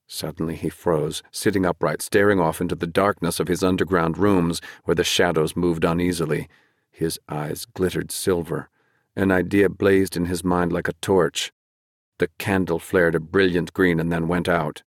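Deep-voiced male audiobook narrator. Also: little pitch movement, no echo, clean studio sound. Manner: measured, dramatic storytelling, slowing for emphasis. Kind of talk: scripted fantasy narration.

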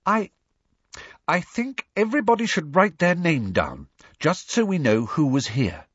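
Brief: man doing a know-it-all schoolgirl, high and lively, curt and tense; husky edge to the voice. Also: no room sound. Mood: insistent. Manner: brisk, insistent, impatient. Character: bossy clever teenage schoolgirl. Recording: dry, slightly dull recording.

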